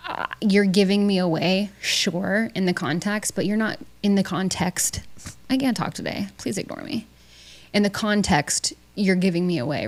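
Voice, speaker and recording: A young woman with a slightly low voice hosts her own podcast from a small home studio. She tells personal stories in a chatty, candid, casual way and swears freely. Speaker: podcast host. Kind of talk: casual storytelling monologue.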